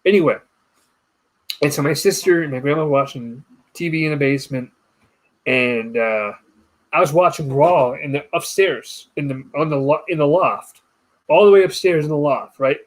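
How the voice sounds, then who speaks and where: A man's voice: on the high side, moderate pace. A young adult man hosting a casual podcast chat, telling stories and mimicking voices. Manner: storytelling, animated mimicking voices. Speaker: podcast host.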